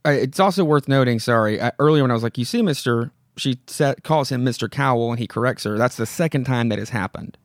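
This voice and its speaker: A man's voice: mid-range voice, fast, few pauses, no echo, clean studio sound. A man hosting a podcast, casually retelling a horror comic with loose fillers from his home mic. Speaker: podcast host.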